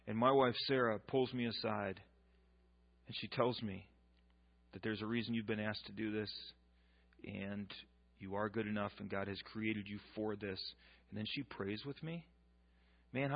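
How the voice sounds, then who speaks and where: A man's voice: medium pitch, vocal fry, lo-fi sound. A pastor preaching a sermon, emphatic, repeating his key points and dropping joking asides.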